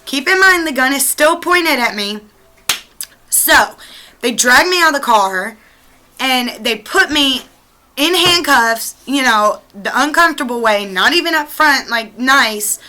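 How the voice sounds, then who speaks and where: A young woman talks to her camera at home, telling a story in a chatty, swearing, animated way. Her voice sits high and sounds bright and forward. She fills her sentences with "like" and "you know". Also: measured pace, rough recording. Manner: chatty, profane, animated retelling with lots of "like". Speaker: vlogger.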